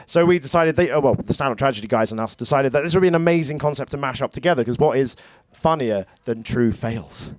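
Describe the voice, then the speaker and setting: A man co-hosting a live comedy storytelling show, upbeat and quick, hyping the crowd between introductions. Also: medium pitch, dry recording. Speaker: co-host. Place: live venue with audience.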